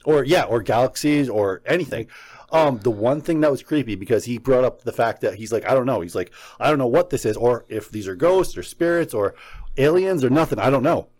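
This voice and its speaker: A man co-hosting a casual chat, telling a story in an animated, excitable way and swearing now and then. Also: medium pitch, fairly quick. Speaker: podcast co-host. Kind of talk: casual chat about paranormal recordings.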